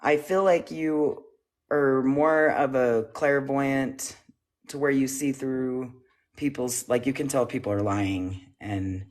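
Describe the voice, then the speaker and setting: A man's voice: mid-range voice, slow. A man calls in to give a casual energy reading in a mid-range voice. He talks hesitantly, filling gaps with ums and likes, and sounds a little out of breath. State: slightly out of breath. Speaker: caller, self-described psychic.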